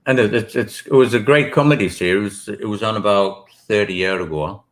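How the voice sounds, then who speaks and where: A man's voice: lowish voice, fairly quick. A British man, an author guest, chatting casually in an interview, rambling with many restarts and asides.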